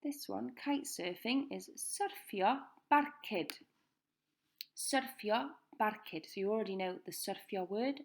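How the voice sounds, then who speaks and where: Woman teacher with some vocal fry, patient and deliberate as she drills pupils on new words. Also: mid-range voice. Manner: slow, careful pronunciation drills. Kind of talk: recorded classroom lesson. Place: school.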